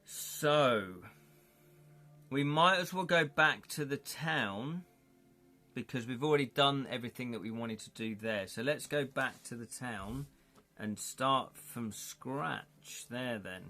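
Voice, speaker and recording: A man with a mid-range voice and sharp tone reads a gamebook on his live stream at a slow pace. He's chatty and jokey, laughing often and talking directly to chat.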